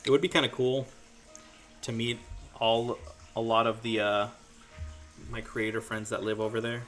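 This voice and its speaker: A man's voice: medium pitch, level tone, normal speed, a bit bright, faint music behind. A man streaming while painting miniatures, chatting casually and jokingly with his viewers. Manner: jokey, rambling, talks to chat.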